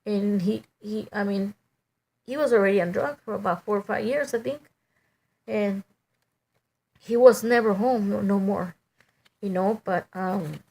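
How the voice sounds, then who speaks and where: A middle-aged woman giving a halting, emotional personal testimony, full of "you know" and restarts. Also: medium pitch, gravelly, a little mellow, breathy edge.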